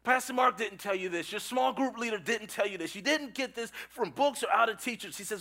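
This sermon comes from a middle-aged man, a pastor whose high voice moves between booming calls to the congregation and hushed, intense moments, with lots of repeated words. His intonation is lively and his pace brisk, leaving barely any pauses.

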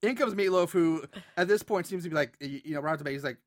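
A fast-talking podcast co-host with a voice on the high side recaps a film in casual chat, rambling along with many fillers and frequent restarts.

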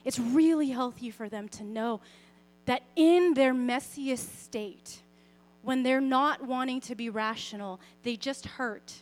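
Young woman, faith speaker, fairly high pitch; conversational and expressive, with frequent soft, gentle passages. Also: slow. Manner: expressive, often softening to a quiet, gentle tone; conversational, with fillers and self-corrections. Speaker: Christian speaker sharing a parenting story. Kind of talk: personal faith talk.

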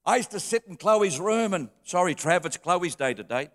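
A middle-aged man preaching a sermon, telling heartfelt stories and shifting from soft, quiet passages to lifted, emotional ones. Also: sits high, lively intonation, moderate pace. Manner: heartfelt storytelling, dropping soft then rising. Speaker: pastor. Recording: long reverb of a hall.

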